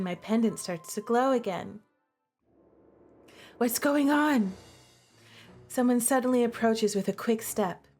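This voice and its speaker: A young woman reading a dating-sim game aloud and reacting with excited, gushing commentary. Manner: excitable and gushing, with big pitch jumps. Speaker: streamer playing a dating sim.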